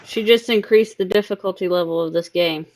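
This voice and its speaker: A woman's voice: fairly low pitch, brisk, darkish tone, a little hiss or hum. A woman live streamer playing a game and chatting in doting baby talk to her cat. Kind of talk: casual chat while gaming.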